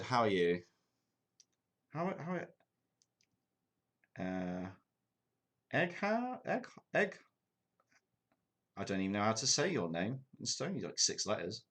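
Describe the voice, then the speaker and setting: A medium-pitched, slightly bright male voice. He's an Englishman casually streaming a football management game, chatting with viewers and making fun of himself as he goes.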